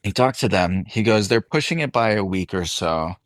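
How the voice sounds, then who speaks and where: Male actor guest, low register, dry close mic, lively anecdotal delivery. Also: moderate pace, no echo. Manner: animated anecdote telling, voices others in quotes. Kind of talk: casual interview storytelling.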